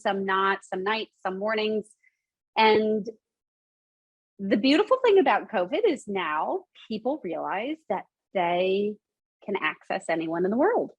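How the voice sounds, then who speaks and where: A woman's voice: mid-range voice, a bit bright, dry recording. A woman speaking as a podcast guest, earnest and emphatic, repeating phrases for stress as she shares her faith. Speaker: guest, founder of a Pilates studio. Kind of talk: faith testimony in a podcast conversation.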